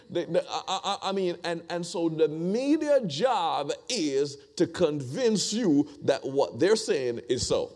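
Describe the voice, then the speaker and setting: A man's voice: a little high, big pitch swings, slow pace, hardly any pauses, darkish tone. A man preaching a conversational sermon, repeating phrases and asking the congregation rhetorical questions.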